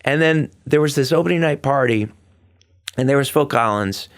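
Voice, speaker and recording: A man's voice: mid-range voice, normal speed. A middle-aged man, a Broadway performer guesting on an interview show, telling backstage stories in casual talk and acting out the quotes. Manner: animated storyteller, acts out quotes in a raised voice.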